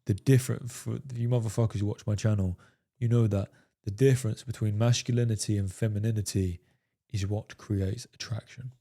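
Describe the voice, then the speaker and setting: A man's voice: on the low side, steady tone, a little fast, warm tone. A man talking straight to his viewers as a dating coach, emphatic and profane, peppering his talk with "fellas" and "right?". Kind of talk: coaching monologue to camera.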